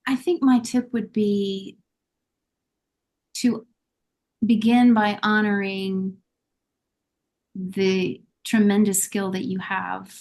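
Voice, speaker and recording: A woman speaking as a guest accent coach in a podcast interview, giving measured and encouraging advice. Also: medium pitch, little pitch movement, a little mellow. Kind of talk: conversational interview answers.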